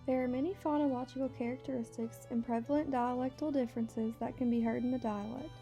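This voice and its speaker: Woman narrating a school slideshow, soft mellow tone, faint music under it. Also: high-pitched, fairly even intonation, fast. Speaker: student presenter. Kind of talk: scripted narration.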